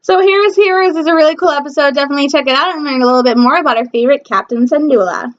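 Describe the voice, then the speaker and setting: A woman from Michigan hosting a pop culture news vlog, gushing excitedly about shows with lots of ums. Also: high-pitched, racing, muffled recording. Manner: gushing, excitable fan talk with many ums. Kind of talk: casual chat.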